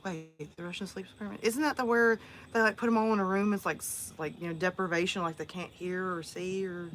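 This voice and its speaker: A woman hosting a casual livestream chat from an outdoor porch at night, playful and quick to laugh. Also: on the low side, fairly even intonation, fairly bright tone, a little hiss or hum. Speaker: host. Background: frogs and crickets.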